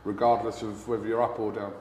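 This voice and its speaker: A man hosting an interview, asking earnest, measured questions. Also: on the low side, little pitch movement, warm tone, slight background noise. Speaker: interview host. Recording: echoey room, off-mic.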